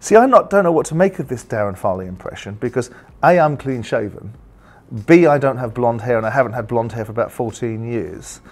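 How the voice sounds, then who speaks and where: A man speaking as a football pundit in a casual video reply. He delivers dry, measured put-downs in a middle-pitched voice. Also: animated, a little mellow.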